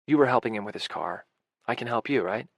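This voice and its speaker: A man voicing a gentle, steady adult man who soothes his partner in a soft, reassuring way. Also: medium pitch, quick pace, creaky, no echo, studio quality. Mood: calm.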